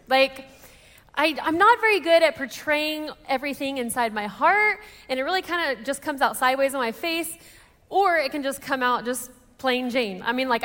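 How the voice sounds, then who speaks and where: A woman's voice: sits high, fairly bright tone. A woman in her thirties with a Texan accent, telling a chatty, self-deprecating personal story to a church audience and asking them questions. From Texas. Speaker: speaker at a church women's event. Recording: reverberant church hall.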